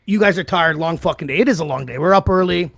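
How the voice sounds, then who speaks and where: Man, high voice, gravelly, profane storyteller, dry close sound. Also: quick pace, a bit bright, no echo. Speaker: podcast co-host. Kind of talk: casual podcast chat.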